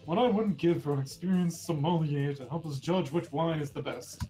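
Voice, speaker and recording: A man hosting a game session with friends, reading the game text aloud in a playful way that is quick to laugh. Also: on the high side, dark tone, faint music behind, rough recording. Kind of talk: let's play narration among friends.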